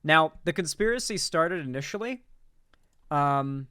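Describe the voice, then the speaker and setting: A man's voice: a little high, expressive, measured pace, pushed and bright, clean tone, no echo, studio quality. A young man giving casual, profane, incredulous reaction commentary on a political clip.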